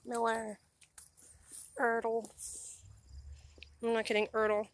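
Woman, reading names aloud, slow steady pace, monotone, outdoor graveyard. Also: on the high side, a little hiss or hum. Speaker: vlog co-host reading names off headstones.

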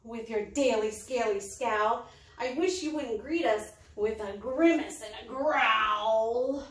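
A woman voicing a gentle male jellyfish in a storybook, calling out in a high, loud sing-song. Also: takes it slowly. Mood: chiding. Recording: roomy, distant mic.

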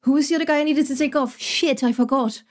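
A young woman with a high voice keeps a steady tone and quick pace as she streams herself gaming. Her commentary is casual chat, thinking out loud, laced with plenty of swearing.

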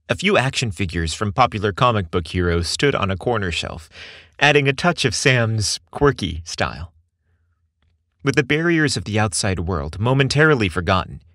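A man reading a scripted story aloud with expressive, measured storytelling. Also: lowish voice, dry recording, studio quality. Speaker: narrator.

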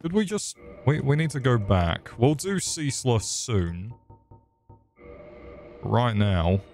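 A man's voice: medium pitch, big pitch swings, takes it slowly, darkish tone, soft background music. A man giving crude, joking commentary over gameplay, swearing freely and mocking the enemies. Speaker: gaming video creator.

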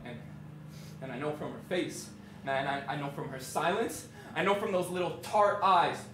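A man's voice: on the high side, steady tone, normal speed, background noise, natural voice. A man playing a brash streetwise young guy. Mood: swaggering. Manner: streetwise slangy storytelling, shouting bursts. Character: brash young Canadian man telling of a half-brother. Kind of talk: stage monologue. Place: theatre stage. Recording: echoey stage from far off.

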